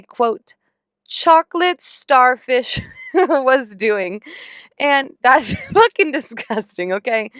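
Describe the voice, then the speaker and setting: A woman's voice: fairly high pitch, a bit bright, clean tone, no echo, clean studio sound. A young woman hosting a podcast, telling a story in a candid, profane, comically exasperated way. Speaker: podcast host. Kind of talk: casual chat.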